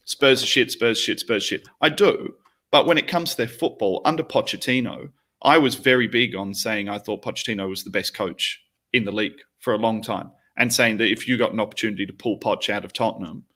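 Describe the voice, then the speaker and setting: A man's voice: medium pitch, fairly bright tone. Emphatic, sweary man in football chat. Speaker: podcast co-host.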